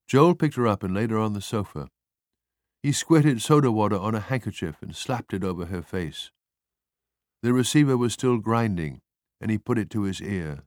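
A man narrates a literary story in a measured, expressive manner. His voice sits low and the recording is dry and close, with no room sound. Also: no room sound.

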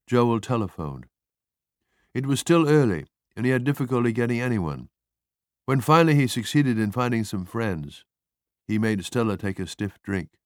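A man narrates a literary story in a measured, expressive manner. His voice sits low and the recording is dry and close, with no room sound. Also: no room sound.

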